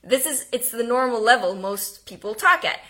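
A woman giving an energetic homeschooling lesson, speaking emphatically and now and then dropping to a whisper. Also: fairly high pitch, normal speed. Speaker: homeschooling teacher. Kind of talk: instructional talk.

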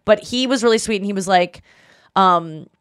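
A woman podcast host and comedian telling a casual story in an animated, giggly way, full of fillers. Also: medium pitch, normal speed, clean tone.

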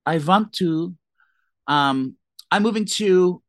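Woman cohost, low voice, rambly and jokey, dry close mic. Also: slow pace, no echo. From New Jersey. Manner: joking, rambling, lots of fillers. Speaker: podcast co-host. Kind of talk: casual chat.

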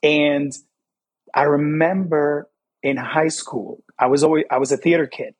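A young adult man from Fort Lauderdale, telling personal stories as an interview guest in quick, animated bursts. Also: on the high side. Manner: animated, quick bursts, acts out quoted voices. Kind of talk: candid personal storytelling.

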